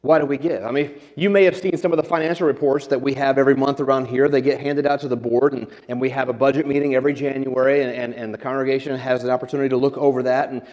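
A man's voice: mid-range voice, level tone, fast, hardly any pauses, darkish tone, muffled recording. A man preaching a sermon as a pastor, conversational with self-deprecating humor and frequent restarts. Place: church sanctuary. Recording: long church reverb.

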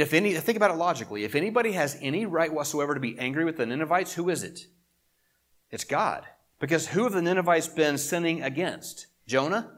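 A middle-aged man preaching a sermon in a conversational way, swelling to emphasis and dropping to quiet asides. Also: a little high. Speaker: pastor.

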